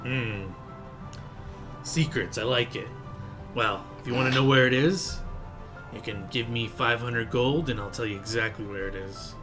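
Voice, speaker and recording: Sly, greedy elf rogue with a scar over one eye, hushed and conspiratorial, as a game master puts him on. Medium-low voice. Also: male voice, a little slow, pauses often, music in the background, close to an everyday voice.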